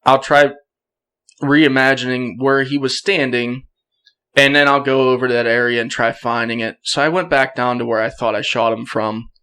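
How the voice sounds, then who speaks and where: A young man on a podcast telling a story casually, acting out quotes with bursts of excitement and frequent laughs. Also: mid-range voice, normal speed, smooth. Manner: animated, acts out quotes, laughs often. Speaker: podcast guest.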